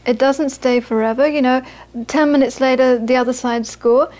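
A woman's voice: high-pitched, steady tone, normal speed, darkish tone. A woman giving a Buddhist dharma talk to a small audience, telling anecdotes and often repeating words as she searches for phrasing. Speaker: Buddhist teacher.

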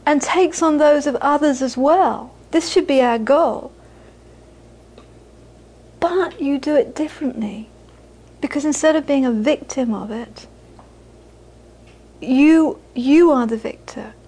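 A woman's voice: sits high, takes it slowly, long pauses, darkish tone, poor audio. A woman giving a live Buddhist talk to an audience, earnest and repeating phrases for emphasis. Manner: earnest, repeats phrases for emphasis, laughs while telling stories. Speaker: Buddhist teacher.

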